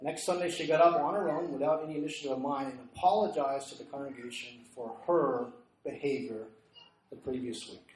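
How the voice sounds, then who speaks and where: A man's voice: mid-range voice, fairly quick, roomy sound, rough recording. A middle-aged man preaching, telling a story from his congregation and acting out the people in it. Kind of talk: storytelling sermon. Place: church meeting room.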